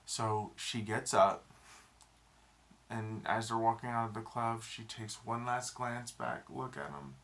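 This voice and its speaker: A man's voice: lowish voice, unhurried, fairly bright tone. A young man vlogging a casual, rambling movie review, full of fillers and restarts.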